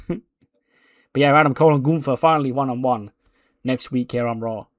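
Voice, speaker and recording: A man's voice: medium pitch, normal speed, no room sound, studio quality. A man narrating a wrestling management game in loose, chatty fashion, laughing at himself. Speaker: gaming video creator. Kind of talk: casual let's-play narration.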